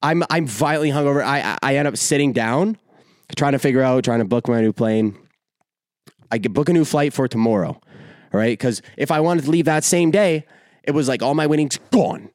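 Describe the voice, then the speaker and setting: A man's voice: medium pitch, a little fast, dry recording, studio quality. Profane young man telling a story. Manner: animated, profane, rambling storyteller. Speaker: podcast host. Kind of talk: casual storytelling chat.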